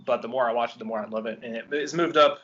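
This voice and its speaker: A man with a medium-pitched, fairly bright voice hosts a film podcast, talking rapid-fire over lo-fi sound. He chats casually and eagerly about a movie he loves, rambling with lots of ums and restarts.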